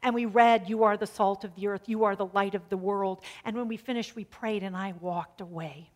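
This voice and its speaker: A woman pastor preaching a sermon in a conversational storytelling way, dropping to a hush on key lines. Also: medium pitch, steady tone, normal speed.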